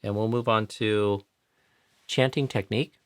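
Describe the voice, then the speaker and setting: An American man teaching chanting pronunciation patiently in a live online tutorial, repeating each sound slowly to demonstrate it. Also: lowish voice, fairly even intonation, dry recording. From United States.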